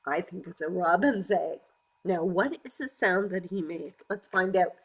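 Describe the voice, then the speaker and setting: A woman reading a picture book aloud to young children, gently asking them questions as she goes. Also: fairly low pitch, a little slow, breathy edge.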